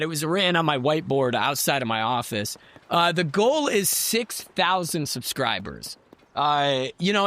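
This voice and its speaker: A man's voice: medium pitch, bright, forceful tone. A man giving casual, rambling commentary over his gameplay video. He often interrupts himself and talks in a chatty way. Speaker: gaming YouTuber. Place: home office.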